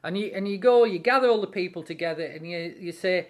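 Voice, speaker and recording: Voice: mid-range voice, quick pace, hardly any pauses. A devotional speaker giving an encouraging sermon-style talk, acting out quotes with animation.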